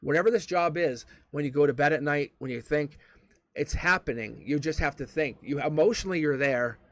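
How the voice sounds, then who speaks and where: A man's voice: a little high, fairly quick. A man giving a live-streamed tarot reading, motivational and repetitive, swearing casually as he talks. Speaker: tarot reader.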